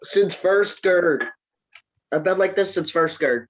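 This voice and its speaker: A slow-talking teenage boy with a stuffy nose, chatting and joking on a podcast. The recording sounds dull and lo-fi, like a cheap home mic. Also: high-pitched, background noise. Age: teens. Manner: joking, giggly, mock-whispered bits. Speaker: podcast co-host. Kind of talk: casual chat.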